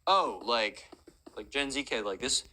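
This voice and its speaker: A storytelling narrator voicing a calm, easygoing male teacher who hedges his words with lots of "like". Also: mid-range voice, unhurried, rough recording. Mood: patient. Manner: relaxed, hedging, lots of "like".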